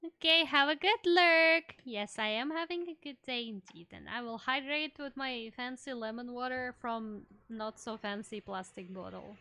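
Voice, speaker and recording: High bright Russian-accented woman streamer. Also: normal speed. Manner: chatty, playful, reacts aloud to the game. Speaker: VTuber streamer. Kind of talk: casual game stream chat.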